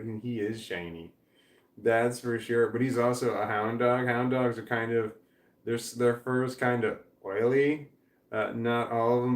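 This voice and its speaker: Rambling, cursing man in an echoey room. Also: medium pitch. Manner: rambling, swears often, restarts sentences. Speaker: streamer reading live chat comments. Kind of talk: casual rambling chat. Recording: echoey room with faint background noise.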